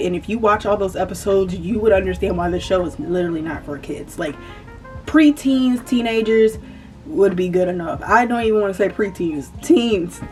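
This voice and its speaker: A woman's voice: medium pitch, a little mellow, far from the mic. A woman with a slight country accent talking casually to camera as a YouTuber, chatty and rambling, often correcting herself. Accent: Southern US country. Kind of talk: casual commentary vlog. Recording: voice a bit off-mic with faint music.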